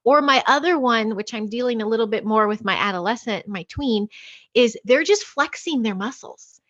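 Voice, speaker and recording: A woman's voice: on the high side, moderate pace, fairly bright tone. A mother in a casual podcast conversation, reflective, laughing lightly between her points. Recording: muffled lo-fi audio.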